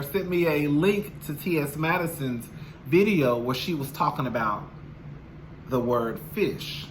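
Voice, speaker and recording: A man vlogging casually to camera, sassy and expressive, calling his listeners "girl". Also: a little high, a little hiss or hum.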